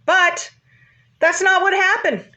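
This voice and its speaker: A woman's voice: very high voice, steady tone, slow pace, pushed and bright. A woman casually retelling a Bible story in a chatty, informal way, with asides to her viewers.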